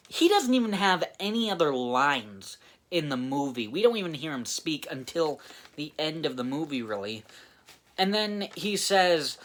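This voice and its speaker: Guy reviewing a movie, slow and halting, keeps restarting sentences. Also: a little high, sharp tone. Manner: halting, restarts phrases often. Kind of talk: casual spoken film review.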